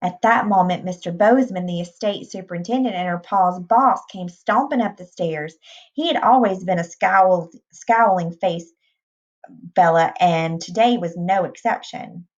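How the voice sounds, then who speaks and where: A woman reading a novel aloud in a plain, unhurried way, with small restarts. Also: on the low side. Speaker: reader. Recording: dull lo-fi recording.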